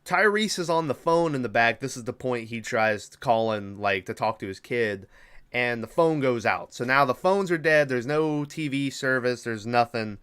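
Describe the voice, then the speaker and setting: A man's voice: mid-range voice, normal speed, fairly bright tone, clear, resonant tone. Profane rambling male podcast host. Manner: profane, rambling, with filler words. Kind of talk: casual movie recap.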